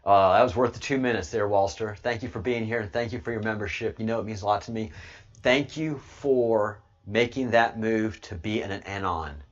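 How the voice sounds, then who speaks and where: An American man hosting his channel in a casual, rambling livestream monologue, excitable and swinging from low mutters to loud outbursts. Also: normal speed, dull audio. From United States. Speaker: channel host.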